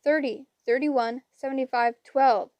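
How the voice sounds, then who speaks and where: A woman's voice: slow, dry recording. A woman voicing three ancient blind hag sisters who squabble and screech at each other in an audiobook. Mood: shrill bickering. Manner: shrill, screeching and bickering.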